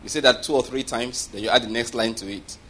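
A man's voice: mid-range voice, quick pace, slight background noise. A man preaching a sermon, who keeps checking in with the congregation and acts out little voices to make his points. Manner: animated preaching with call-and-response checks and acted-out voices. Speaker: pastor.

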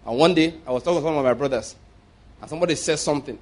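A middle-aged Nigerian man preaching a sermon, telling stories and swinging between loud emphasis and quiet asides. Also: fairly high pitch, rapid-fire.

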